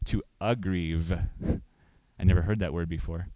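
A man's voice: deep voice, fairly even intonation, unhurried, warm tone, no room sound, muffled recording. Guy pastor preaching, asks the room questions, pushes up for emphasis, dry close sound. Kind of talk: sermon.

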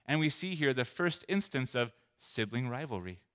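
A man preaching a sermon as a pastor, animated, acting out scenes and asking the listeners questions. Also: medium pitch, moderate pace. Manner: animated, acts out scenes, asks the audience questions.

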